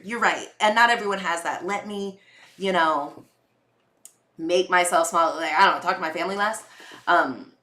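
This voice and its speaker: In an echoey room, a young woman with a lowish but fairly bright voice hosts a podcast. She tells candid personal stories casually and chattily, full of fillers and acted-out quotes.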